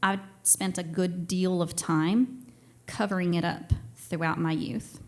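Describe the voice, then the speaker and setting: A woman's voice: fairly low pitch, fairly even intonation, unhurried, darkish tone. Southern woman telling a story on stage. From Tennessee and Georgia. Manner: chatty and self-deprecating, laughing often. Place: stage before a live audience.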